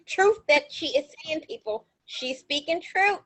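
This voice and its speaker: High, lively woman chatting on a podcast. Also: measured pace, low-quality recording. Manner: animated storytelling with slangy, emphatic repetition. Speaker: podcast co-host. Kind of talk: casual chat.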